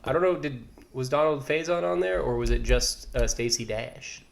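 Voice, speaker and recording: A man jokes around in casual podcast chat, quick with crude asides. His voice has a strong gravelly fry. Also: medium pitch. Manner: joking, crude banter. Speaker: podcast co-host.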